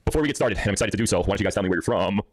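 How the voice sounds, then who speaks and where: A man hosting a livestream, excitedly greeting viewers and reading out where they are from, with sudden high-pitched exclamations. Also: rapid-fire, soft background music. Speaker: livestream host. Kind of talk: upbeat livestream chat, reading viewer locations.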